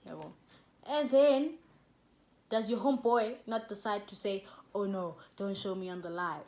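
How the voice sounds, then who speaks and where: A young South African woman with a South African accent, telling a story in a chatty, animated vlog and dropping local words into her talk. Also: mid-range voice, moderate pace. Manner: chatty and animated, with laughs and code-switching. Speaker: YouTuber.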